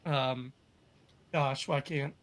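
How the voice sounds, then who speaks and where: With a medium pitch and steady tone, this American podcast guest speaks very slowly. He tells his stories in a relaxed, cheerful, wandering way, leaning on lots of fillers.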